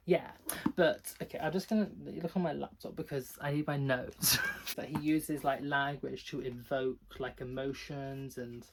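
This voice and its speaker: A man's voice: fairly high pitch, gravelly. A man chatting casually through book reviews, rambling and filling his talk with "like". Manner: rambling, peppered with "like"; chatty and giggly. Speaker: book vlogger.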